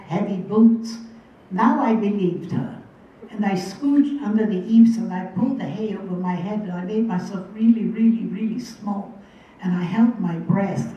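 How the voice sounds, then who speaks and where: A woman's voice: medium pitch, dark tone. A woman in her eighties, a guest speaker, telling her personal story to an audience in an earnest, vivid way and repeating phrases for weight. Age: 80s. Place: large room with a live audience. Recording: distant, echoey, muffled hall recording.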